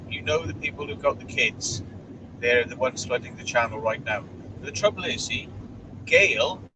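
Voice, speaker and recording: A man hosting a casual live stream from inside his car as he drives, chatting and reading out viewer comments. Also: medium pitch. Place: inside a car while driving. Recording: distant mic with loud car noise.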